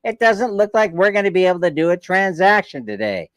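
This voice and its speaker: A man quoting a polite, stiff male bank clerk in a formal, unhurried way. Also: high-pitched, sing-song, dry recording. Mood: dry.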